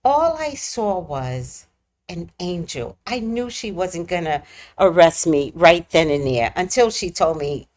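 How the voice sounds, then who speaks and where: A woman casually telling a personal story on her vlog, laughing often and swinging between squealing highs and hushed lows. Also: very animated, normal speed. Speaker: vlogger.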